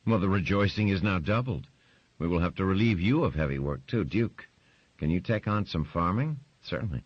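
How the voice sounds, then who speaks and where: A man voicing a stern older patriarch who lays down the law in a firm, measured way, in a dry, slightly muffled recording. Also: sits low, expressive, breathy edge, no room sound, voice pushed up. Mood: decisive.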